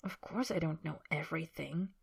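A woman playing a young man who stays unruffled and curious, speaking softly and sensibly. There's a gentle teasing edge to him in this read-aloud story. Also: medium pitch, lively intonation, moderate pace. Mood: calm curious. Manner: quiet, reasonable, soft.

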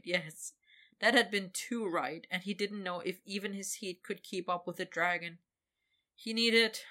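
A woman reading an adult story aloud as narrator in a steady, intimate manner. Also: fairly low pitch.

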